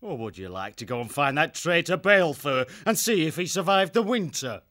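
A man voicing a brutal, swaggering male ferret warlord who talks in a rough, slangy, taunting way. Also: a little high, very animated, moderate pace, a bit bright, pitched above the performer's own voice.

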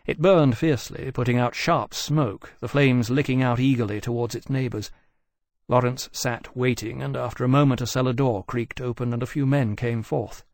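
A man reading a novel aloud as an audiobook narrator, in a measured, even storytelling manner on a close studio mic. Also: medium pitch, no room sound. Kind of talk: scripted narration.

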